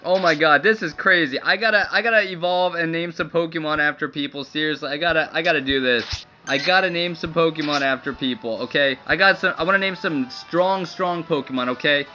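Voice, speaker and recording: A man's voice: on the high side, fairly quick, bright, forceful tone. Tearful, overjoyed young streamer man. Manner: overjoyed, laughing and tearful, breathless thanks. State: crying. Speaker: livestreamer. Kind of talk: excited livestream commentary. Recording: dull lo-fi stream audio with faint music.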